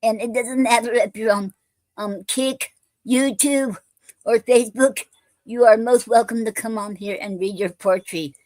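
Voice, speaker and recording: A woman hosting a poetry livestream who invites guests to read, then recites her own poems in an unhurried way, with plenty of fillers and pauses between them. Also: on the high side, steady tone, a little mellow, no room sound, low-quality recording.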